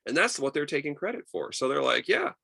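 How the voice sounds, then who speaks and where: A man teaching a history class over a video call, lively and chatty, acting out quotes with many fillers. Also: on the high side, fast, vocal fry, slightly rough, dry recording. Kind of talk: online class lecture.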